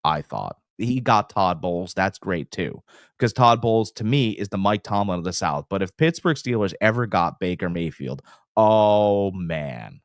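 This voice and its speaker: Animated man on a sports podcast. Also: low-pitched, normal speed, dry recording, clean studio sound. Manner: animated, hyperbolic, jumps into little impressions. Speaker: podcast co-host. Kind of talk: casual sports betting chat.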